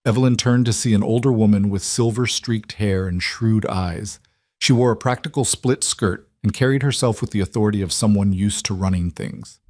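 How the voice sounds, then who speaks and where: Low-voiced man narrating a story. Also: moderate pace, a little mellow, no room sound, clean studio sound. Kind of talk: scripted narration.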